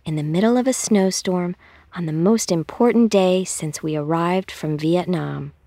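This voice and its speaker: Quiet mom on a bus, lady reading the story, soft and low, dry sound. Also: moderate pace, no room sound, lightly acted.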